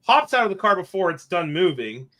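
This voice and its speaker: High-pitched excitable guy co-hosting a podcast, laughs a lot, acts out the whole story. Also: a little fast. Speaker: podcast co-host. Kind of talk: casual chat, animated anecdote.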